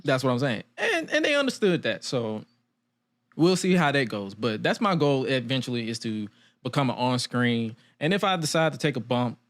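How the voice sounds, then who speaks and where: A man's voice: medium pitch, big pitch swings, moderate pace, a bit bright. A young man hosting a podcast, telling stories in a loose, casual way with quoted asides. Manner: loose, storytelling with quoted asides and frequent laughs. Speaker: podcast host. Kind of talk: casual chat.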